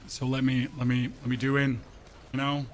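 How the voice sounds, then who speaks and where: A man's voice: mid-range voice, monotone, moderate pace, slight background noise. Opinionated male streamer ranting. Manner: opinionated, ranting, trips over words. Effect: voice changer. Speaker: gaming streamer. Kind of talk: casual livestream chat while gaming.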